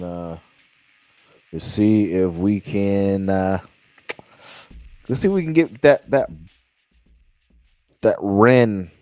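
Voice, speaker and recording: A man's voice: deep voice, darkish tone, no echo. A man hosting a casual music reaction, chatty and loose, talking straight to his viewers with lots of restarts. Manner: loose and chatty, with many restarts and hype phrases.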